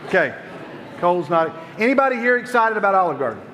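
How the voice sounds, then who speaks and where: A man hosting a youth group night, joking with the crowd in playful, animated stage banter. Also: high-pitched, fast talker, background noise. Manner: jokey and animated, laughs often. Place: large hall with audience. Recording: long hall reverb.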